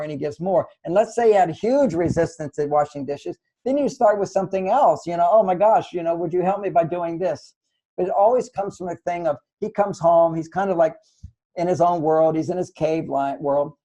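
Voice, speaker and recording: A man's voice: sits high, dark tone. An older man giving relationship advice in an interview, explaining steps and acting out both partners in quoted dialogue. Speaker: relationship author and guest.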